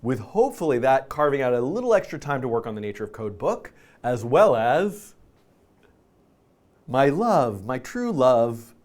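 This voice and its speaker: A man's voice: medium pitch, very animated, moderate pace, a little mellow. A middle-aged man hosting a live stream in casual chat, playful and rambling, tired and a little out of breath. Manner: playful, rambling, self-deprecating. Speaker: host.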